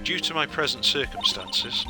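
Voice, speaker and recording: A man voicing a composed male prosecutor in a measured, formal, polite manner. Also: mid-range voice, animated, music in the background, lightly acted.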